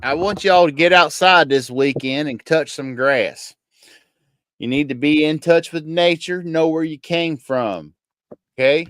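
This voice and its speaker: A man's voice: on the high side, unhurried, fairly bright tone, no echo, clean studio sound. A man with a thick Kentucky country accent, playing a folksy country man giving homespun advice in a drawling, preachy way.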